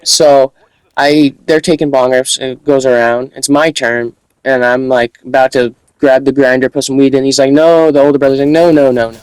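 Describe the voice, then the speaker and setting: A man's voice: mid-range voice, little pitch movement, moderate pace, smooth, no room sound, low-quality recording. A young adult man telling a casual storytime monologue, rambling with repeated words, restarts and slang.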